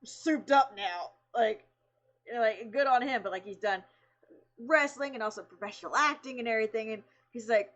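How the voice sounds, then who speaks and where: Woman streamer, casual rambling storyteller, fairly high voice, dull lo-fi stream audio. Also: moderate pace. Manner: animated, rambling, many fillers.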